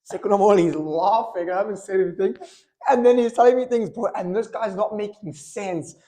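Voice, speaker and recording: A man's voice: high-pitched, mellow. A young man co-hosting a podcast, telling stories in casual slang and saying "bro" and "like" a lot. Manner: fast slangy storytelling, lots of "bro" and "like". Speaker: podcast co-host. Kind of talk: casual chat.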